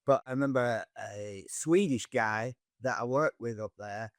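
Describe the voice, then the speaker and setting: A man with a Northern English accent, speaking at an ordinary middle pitch. He chats loosely and wanders through anecdotes. The sound is dry and close, with no room echo. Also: a little slow. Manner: rambling, anecdotal storyteller. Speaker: podcast host and comedian. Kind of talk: casual podcast chat.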